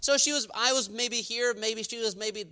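Bright, clear-voiced man preaching. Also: very high voice, normal speed. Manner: conversational storytelling with frequent fillers; earnest, rising to emphatic preaching. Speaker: pastor. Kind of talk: sermon.

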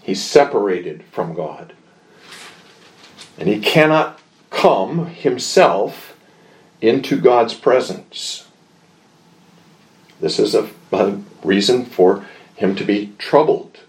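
A man gives an expository Bible lesson at an unhurried, measured pace, pausing often and filling gaps with a soft "uh." His voice sits fairly low, and he leans into the scripture he quotes with extra weight. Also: animated. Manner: measured and deliberate, with pauses and "uh" fillers. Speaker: Bible teacher.

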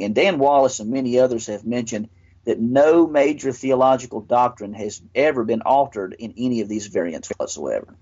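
Husky man explaining earnestly. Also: medium pitch, darkish tone. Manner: earnest, explanatory, with frequent restarts and filler. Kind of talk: casual explanatory discussion. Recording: dull lo-fi audio.

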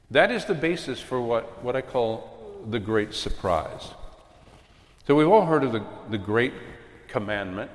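Male preacher, lively pitch, big echoing hall, emphatic sermon delivery. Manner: emphatic, swings loud and soft while preaching. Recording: long hall reverb.

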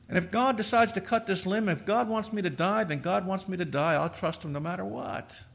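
High, bright-voiced preacher man. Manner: emphatic, swings from loud exhortation to quiet, repetitive restarts. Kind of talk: sermon.

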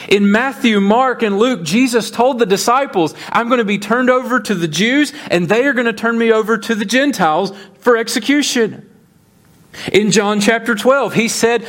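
A pastor preaching a sermon, earnest, slowing down to stress key points and acting out the dialogue of scripture. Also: male voice, sits high. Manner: earnest preaching, slows for emphasis, acts out dialogue.

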